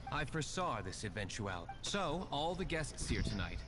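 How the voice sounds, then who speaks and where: A man's voice: mid-range voice, big pitch swings, moderate pace, music in the background, close to an everyday voice. A man voicing a stern, aloof young nobleman. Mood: cool. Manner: curt, reserved. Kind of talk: game voice acting.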